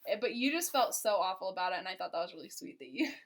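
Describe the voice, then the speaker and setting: Young woman, casual vlog storyteller, chatty and giggly, fills with "like", mid-pitched. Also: expressive, very fast. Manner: chatty and giggly, heavy use of "like". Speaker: vlogger recounting a first date to her partner.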